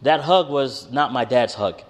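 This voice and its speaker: A man preaching a conversational sermon, telling a personal story with animated, emphatic rises. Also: medium pitch, measured pace. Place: church hall with congregation. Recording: reverberant hall.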